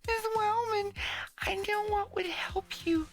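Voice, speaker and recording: A man voicing a mean young schoolboy who taunts his teacher in a high, sing-song, mocking drawl. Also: unhurried. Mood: whispered taunt.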